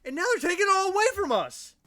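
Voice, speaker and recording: A man in casual livestream chat, hamming it up with goofy, over-the-top jokes. His voice swings widely up and down and has a bright, forceful edge. Faint music sits underneath. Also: very high-pitched, very animated, very fast. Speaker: podcast co-host.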